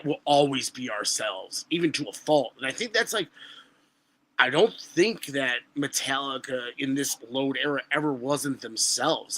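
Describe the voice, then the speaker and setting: A man, telling stories on a podcast in an animated, profane way. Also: medium pitch. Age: 20s. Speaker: guest musician. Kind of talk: casual podcast chat.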